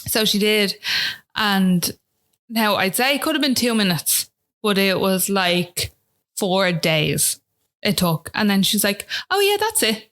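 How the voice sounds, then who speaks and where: An Irish woman speaking as a podcast guest, at an ordinary middle pitch for a woman. She talks in a loose, chatty way and acts out past conversations. She keeps checking in with "do you know what I mean". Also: takes it slowly, a bit bright. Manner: chatty, retells scenes with "I was like", often asks "do you know what I mean". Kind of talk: personal storytelling in conversation.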